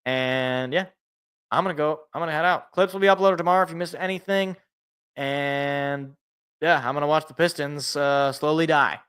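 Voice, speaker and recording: A man hosting a casual sports talk show, rambling and correcting himself, his voice worn out from yelling. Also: fairly high pitch, moderate pace, clean tone. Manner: rambling, self-correcting, laughs at own jokes. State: voice feels worn out. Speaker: sports podcast host.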